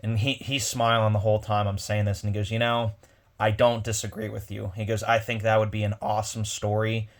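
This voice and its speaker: A man's voice: fairly low pitch, level tone, brisk. A man casually retelling a convention story on his vlog, rambling with many restarts. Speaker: comic collector vlogger.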